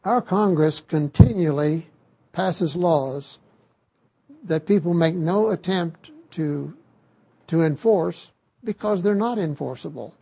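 An older man giving a sermon on scripture, slow and halting with frequent restarts. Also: fairly high pitch, gravelly, dark tone, husky, no room sound. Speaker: scripture teacher.

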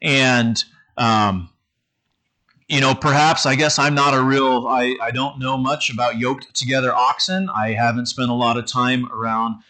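A man's voice: mid-range voice, steady tone, unhurried, bright, forceful tone. A middle-aged man preaching a conversational sermon to his congregation, often stumbling and repeating words as he goes. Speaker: pastor.

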